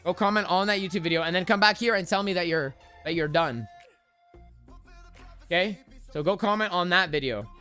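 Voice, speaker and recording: A man's voice: sits high, a little fast, long pauses, sharp tone, clear, resonant tone. A young man hosting a crypto trading livestream, chatty and hyped, talking straight to his chat while sounding tired. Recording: music playing faintly behind.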